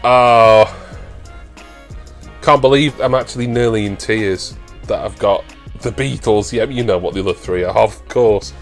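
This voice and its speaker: A man's voice: on the low side, normal speed, soft background music. A man with a British accent chatting through an unboxing for his collector vlog, talkative and easily moved. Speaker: toy collector vlogger.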